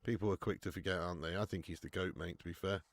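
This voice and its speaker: A young man hosting a live football watch-along, chatting casually, swearing freely and answering viewers' comments out loud. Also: low-pitched, quick pace, no room sound. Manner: excitable, swears, reads chat comments aloud. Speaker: live-stream host.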